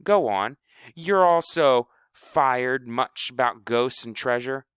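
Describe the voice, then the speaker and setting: A man's voice: medium pitch, animated, takes it slowly, fairly bright tone, smooth, no room sound, clean studio sound, pitched above the performer's own voice. A man reading a story aloud, voicing a guarded, stubborn boy who speaks curtly and dismissively. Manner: curt, dismissive.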